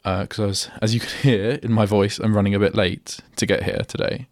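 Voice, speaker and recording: A man's voice: lowish voice, little pitch movement, a little fast, no echo, studio quality. Rambling young man on student radio. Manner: rambling, self-interrupting, chatty. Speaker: radio host. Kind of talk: casual solo radio chat. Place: radio studio.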